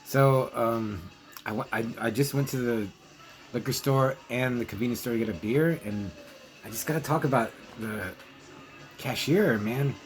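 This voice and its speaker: A man's voice: mid-range voice, moderate pace, faint music behind, rough recording. A man talking casually and hesitantly, rambling with fillers and restarts as he chats and reads out letters from fans. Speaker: zine editor reviewing movies. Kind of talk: casual vlog monologue, reading fan letters.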